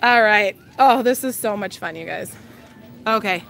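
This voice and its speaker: With a mid-range, fairly bright voice and some vocal fry, a woman in her thirties chats on a live stream at a measured pace. She's strolling a large store, bubbly and laughing a lot, slightly out of breath, with slight background noise.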